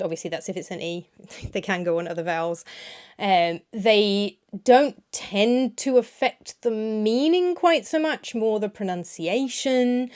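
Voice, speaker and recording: A woman's voice: mid-range voice, expressive, moderate pace. A woman speaks casually to camera, recorded close on a clip-on lapel mic. She explains in a chatty, meandering way, wanders off on tangents and laughs at herself along the way. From Ireland. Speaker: language vlogger.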